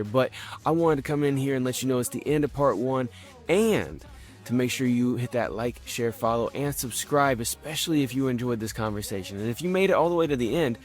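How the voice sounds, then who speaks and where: A man who edits the podcast, giving a lively outro that speaks straight to the viewers. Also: mid-range voice. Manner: upbeat, addresses viewers directly. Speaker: podcast editor, outro announcer.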